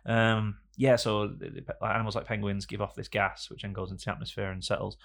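Gravelly man rambling jokily. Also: lowish voice, level tone, fast, a bit bright. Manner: rambling, jokey storytelling with frequent fillers. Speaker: podcast co-host. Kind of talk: casual banter.

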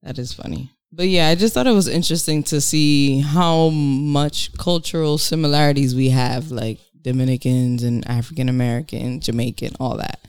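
A woman's voice: a bass voice, moderate pace, few pauses, clean tone, no room sound, studio quality. A woman co-hosting a casual podcast, teasing and laughing as she tells stories. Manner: laughing, teasing, animated storytelling. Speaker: podcast co-host. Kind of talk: casual chat.

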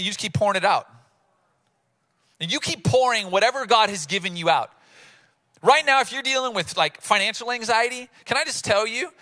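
Animated bright-voiced male preacher. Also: high voice. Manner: animated preaching, acts out bits of the story in voices. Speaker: pastor. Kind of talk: sermon.

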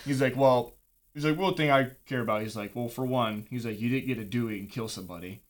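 A man's voice: medium pitch, fast talker. A young man telling a long story in casual chat, swearing a lot and acting out what people said. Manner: profane, rambling, acts out dialogue.

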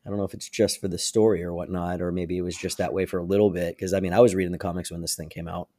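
A man's voice: low-pitched, rapid-fire, dry recording. A man co-hosting a podcast, animatedly retelling a story in casual chat. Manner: animated retelling with frequent laughs. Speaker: podcast co-host.

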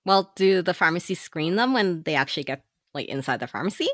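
A woman's voice: fairly low pitch, expressive, fairly quick, fairly bright tone, no echo, studio quality. A woman chatting casually on a podcast, asking questions and joking. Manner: asks questions, jokes, laughs.

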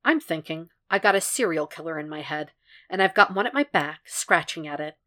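A woman podfic reader voices a tired male profiler who stays calm and stubborn under pressure, talking low, flat and dry in her own lowish voice. He lays out his plans in level, unhurried sentences.

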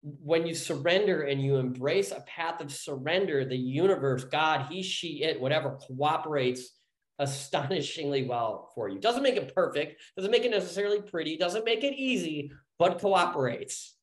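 A man in his forties tells his personal story as a podcast guest. His voice sits a little high, and he rambles and restarts his sentences, growing lively as the story builds. The room around him is echoey. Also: normal speed. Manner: rambling, restarts often, animated when telling a story.

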